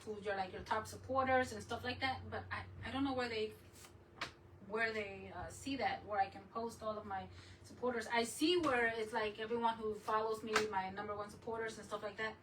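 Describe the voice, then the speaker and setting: A woman hosts her crafting channel with loose, rambling talk and frequent laughs. Her voice is bright and sits a little high. She is a bit away from the mic, with a faint hiss underneath. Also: brisk, distant mic, low-quality recording. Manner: rambling, chatty, laughs often. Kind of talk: casual live chat while crafting.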